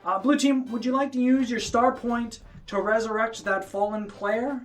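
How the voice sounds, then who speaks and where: A man's voice: very high-pitched, fairly even intonation, moderate pace, pitched above the performer's own voice. A man voicing a flamboyant male game-show host of a dungeon arena, with showy, offhand announcer patter. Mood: chirpy host.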